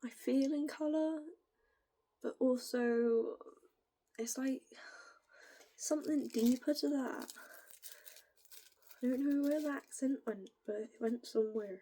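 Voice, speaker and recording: A young woman with a northern English accent, musing in a rambling, giggly way and slipping into soft, whispery asides. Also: high voice, takes it slowly, long pauses, slight background noise. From northern England. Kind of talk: casual musing monologue.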